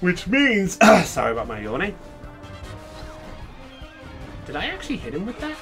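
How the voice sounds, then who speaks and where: A male game streamer giving excitable live commentary, laughing often and chatting with viewers. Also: high voice, fast talker, faint music behind.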